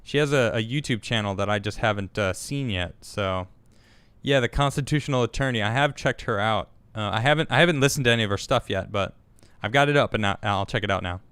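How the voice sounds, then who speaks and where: A man hosting a casual live talk show, reading out viewer comments and chatting in a halting way, full of restarts. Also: lowish voice, fairly bright tone, smooth, dry recording. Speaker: host.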